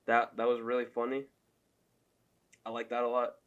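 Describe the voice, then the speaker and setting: A man's voice: medium pitch, completely flat delivery, normal speed, fairly bright tone, muffled recording. A young man giving loose, profane opinion commentary as a fan, full of fillers and laughs.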